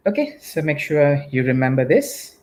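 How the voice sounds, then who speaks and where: A man's voice: a little high, sing-song, moderate pace, a little mellow. A Malaysian man teaching a live online English lesson, patiently drilling spelling and pronunciation for primary pupils.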